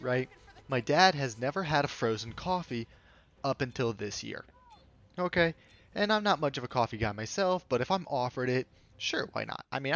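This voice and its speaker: A man's voice: medium pitch, fairly bright tone, dull audio, slight background noise. Rambling young man telling a story. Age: young adult. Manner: rambling, chatty, full of asides. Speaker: vlogger. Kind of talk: casual story-time rant. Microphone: home desk microphone.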